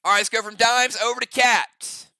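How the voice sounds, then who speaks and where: A man's voice: very high voice, steady tone, normal speed, pushed and bright, no echo. A man running an online role-playing game, casually explaining each player's moves and damage, with joking asides. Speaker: game master. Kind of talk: narrating a tabletop game round.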